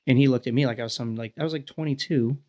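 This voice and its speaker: A man around forty, a podcast guest, telling lively profane stories and acting out what people said. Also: medium pitch, rapid-fire. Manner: profane, animated storyteller acting out quotes. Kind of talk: casual storytelling chat.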